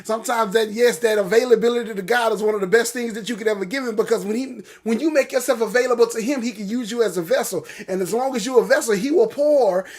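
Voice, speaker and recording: A man hosting a casual morning livestream, greeting viewers and breaking into animated preaching. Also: extremely high pitch, fast talker, hardly any pauses. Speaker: livestream host.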